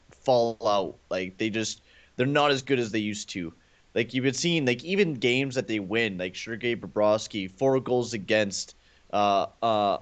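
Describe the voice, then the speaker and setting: A man co-hosting a casual hockey chat show, rambling through his points with lots of "like" and "right?". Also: fairly low pitch. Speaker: co-host.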